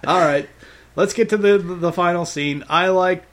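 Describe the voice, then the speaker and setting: Laughing, animated man hosting a chat. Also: high voice, normal speed. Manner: laughs often, animated, acts out characters. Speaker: podcast host. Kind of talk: casual chat reviewing a cartoon episode.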